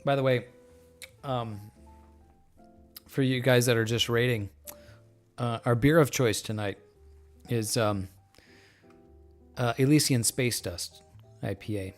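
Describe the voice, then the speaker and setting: A man hosting a casual live stream, talking in a loose, rambling way with many fillers, relaxed and joking, a little tipsy. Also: mid-range voice, takes it slowly, long pauses. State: a bit tipsy from beer. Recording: faint music in background.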